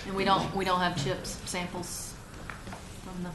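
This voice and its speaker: A woman on a county review board with a fairly low voice, asking wry, probing questions. Her voice carries a roomy echo. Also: completely flat delivery, a little slow, fairly bright tone. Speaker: board member. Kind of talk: meeting discussion. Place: county meeting room. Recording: echoey meeting room.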